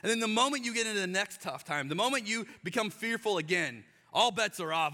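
High, bright-voiced man preaching in hall. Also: fast, hardly any pauses. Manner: animated storytelling, acts out voices with exaggerated emphasis. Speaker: pastor. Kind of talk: sermon. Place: church hall. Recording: live church hall with long reverb.

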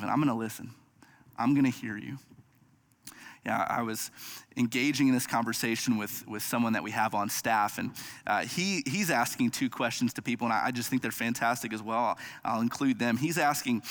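A man's voice: mid-range voice, a little fast, fairly bright tone. A man, an associate campus pastor, giving a sermon in an earnest, humble way with frequent small restarts.

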